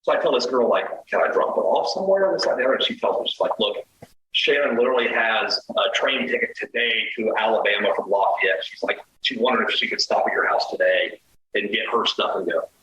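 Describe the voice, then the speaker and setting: A middle-aged man telling a dating story as a podcast guest, animated, swearing and acting out the quoted lines. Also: on the low side, fast, echoey room, lo-fi sound, a little hiss or hum. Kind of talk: casual storytelling.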